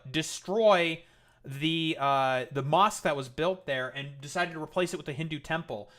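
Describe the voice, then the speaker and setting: Man, live streamer, commentary rant, profane, sarcastic, heated, bright sharp voice. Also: a little high.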